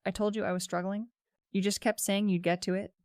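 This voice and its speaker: A woman voicing a tired boyfriend who answers calmly and wearily in a narrated story. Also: mid-range voice, a little fast, no echo, studio quality, natural voice. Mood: weary. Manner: calm, worn-out, patient. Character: tired, weary adult boyfriend pleading calmly. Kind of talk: first-person story narration.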